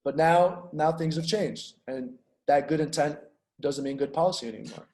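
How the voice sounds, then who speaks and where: A man's voice: fairly high pitch, moderate pace, a little mellow. A young man co-hosting a podcast in casual chat, agreeable and chuckling. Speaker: podcast co-host.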